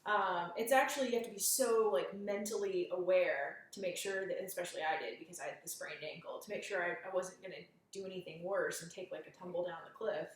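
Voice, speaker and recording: A woman's voice: fairly low pitch, a little fast, few pauses, distant mic. A woman co-hosting a hiking vlog, telling trail stories animatedly in casual chat and laughing often. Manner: animated storyteller, acts out quotes, laughs often. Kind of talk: casual chat recounting a hike. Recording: echoey room, a little off mic, faint background noise.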